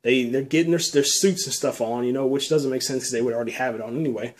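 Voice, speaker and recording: Speaking quickly at a medium pitch, a man rambles casually through the story of a nightmare he had. He swears a lot and keeps dropping "man" and "you know."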